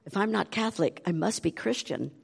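A woman's voice: lowish voice, fairly quick, creaky, in a large hall. An older woman tells her testimony animatedly, acting out the voices of the people in her story. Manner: animated, acts out quoted voices. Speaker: speaker giving a testimony.

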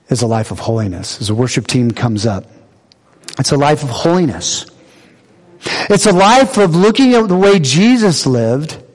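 Male pastor, high lively preaching voice, repeats phrases for emphasis, church hall reverb. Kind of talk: sermon. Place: church sanctuary.

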